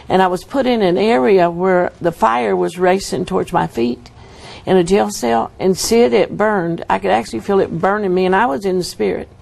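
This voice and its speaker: Woman guest, earnest storyteller, strong vocal fry. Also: mid-range voice, darkish tone. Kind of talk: testimony interview.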